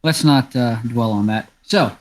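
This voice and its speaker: A man's voice: mid-range voice, measured pace. A man narrating a tabletop role-playing game as game master, in a casual, chatty way.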